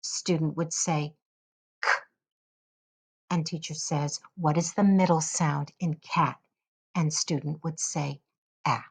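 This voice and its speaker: A woman with a lowish voice explains a lesson at an unhurried, measured pace. She carefully sounds out each example for her listeners. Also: fairly even intonation, gravelly, slightly rough. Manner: slow, deliberate, models sounds carefully. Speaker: teacher educator. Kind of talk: instructional lesson narration.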